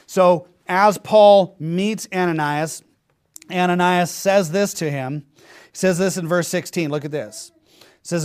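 A man's voice: sits high, fairly quick. A man preaching a sermon in an emphatic, mocking way, often repeating rhetorical questions.

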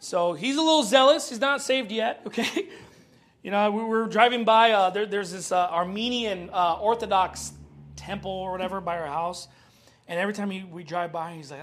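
A high-pitched man preaching with fervent emphasis. He swings between loud declarations and a relaxed, conversational storytelling voice from the pulpit. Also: brisk. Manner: fervent preaching, shifting to a low chatty storytelling tone. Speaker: pastor. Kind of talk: sermon.

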